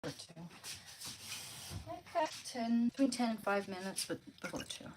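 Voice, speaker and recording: A woman livestreaming from her kitchen at home, cooing and whispering softly to her dog and chatting loosely with viewers. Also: on the high side, normal speed. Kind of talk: casual livestream chat. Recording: clear steady background noise.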